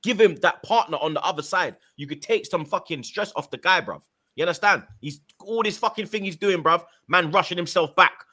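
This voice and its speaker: A man ranting about football with a bright, forceful edge and a slightly raised pitch. He leans on street slang and swears constantly as he makes each point. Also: fairly quick. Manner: emphatic, heavy slang and swearing. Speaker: podcast guest pundit. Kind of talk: casual football chat.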